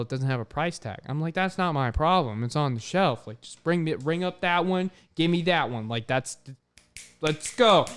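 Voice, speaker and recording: A young man, a podcast host, telling a story in casual chat, animated, swearing often and filling his talk with "like". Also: medium pitch, smooth.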